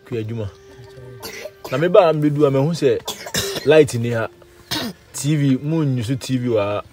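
A man's voice: mid-range voice, moderate pace, mellow, soft background music. Emphatic Ghanaian male interviewer. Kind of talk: field interview for a charity video.

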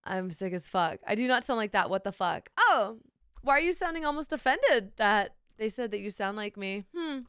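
A woman's voice: mid-range voice, very animated, normal speed, a bit bright, smooth, no room sound, clean studio sound. A young woman streamer with a sick, sore throat, chatting playfully with her viewers and swearing freely. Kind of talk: casual live-stream chat with viewers.

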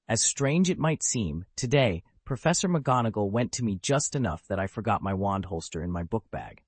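A composed, polite teenage boy wizard who speaks with calm assurance, voiced by a man reading an audiobook. The voice is somewhat husky, with a lively pitch, and it is recorded dry and close. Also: moderate pace, no room sound.

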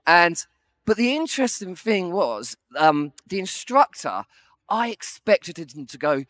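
A man giving a humorous sermon with a high, bright voice, laughing at himself as he tells a story. He sounds lively and animated, and the recording is dry and close. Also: unhurried, long pauses, no echo. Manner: animated, self-deprecating storytelling. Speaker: preacher.

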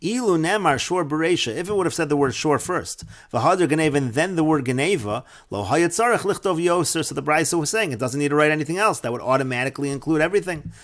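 Male Talmud teacher, a bit high-pitched, steady read-then-explain delivery. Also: fast talker, hardly any pauses. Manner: reads Aramaic phrases then explains in English. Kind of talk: Talmud lesson, reading and translating.

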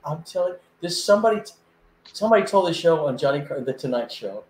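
An older man telling a lively anecdote in a casual chat, acting out other people's voices as he goes. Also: fairly high pitch, quick pace, echoey room, slight background noise. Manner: animated, acts out voices in anecdotes. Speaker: guest.

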